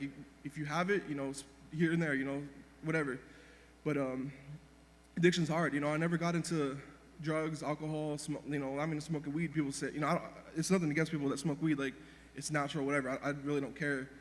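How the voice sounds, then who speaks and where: A young man giving an emotional, halting eulogy for his grandfather, rambling with many restarts and fillers. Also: on the high side. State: emotional, grieving. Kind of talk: unscripted memorial speech. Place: church hall. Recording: reverberant hall, faint background hum.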